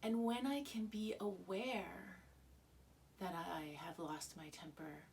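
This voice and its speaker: A woman guiding a relaxed meditation, speaking calmly and softly and often dropping into a hushed whisper. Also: lowish voice, vocal fry, distant mic, slight background noise. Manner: calm, soft, often slipping into a hushed whisper. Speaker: meditation guide. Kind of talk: gentle guided meditation talk.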